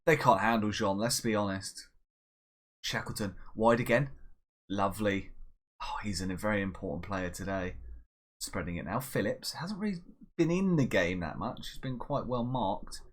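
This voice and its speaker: A man hosting a casual gaming video, talking through his tactics and commentating on the match, breaking into excited shouts when his side scores. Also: on the low side, moderate pace. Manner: chatty, bursts into excited shouts at goals. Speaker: gaming channel host. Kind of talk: casual Let's Play commentary.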